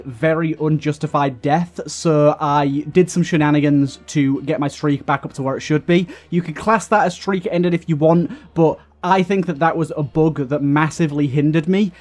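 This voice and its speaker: A man's voice: fairly high pitch, a little mellow. Exasperated young man rambling over gameplay. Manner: rambling, exasperated, with many fillers and restarts. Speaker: gaming YouTuber. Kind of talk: casual let's-play commentary.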